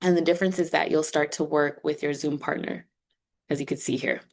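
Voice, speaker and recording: Low-voiced woman walking an online class through its course steps. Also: steady tone, fairly quick. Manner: conversational, upbeat, explaining step by step. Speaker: instructor voice for a sign language course.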